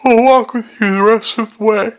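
A man's voice: high-pitched, fairly even intonation, moderate pace, clean tone, pitched above the performer's own voice, lightly acted. A man reading aloud, voicing an earnest, formal young male watchman.

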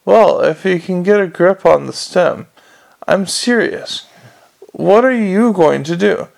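A man's voice: high voice, takes it slowly, gravelly, a little mellow, voice pushed up, heavily acted. A man voicing a pushy, indignant middle-aged male butcher in a storybook reading.

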